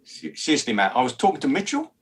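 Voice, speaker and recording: A man's voice: mid-range voice, huge pitch swings, fast talker. A man in a tabletop role-play, rambling conspiratorially in character as a jittery, paranoid spacer. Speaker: player.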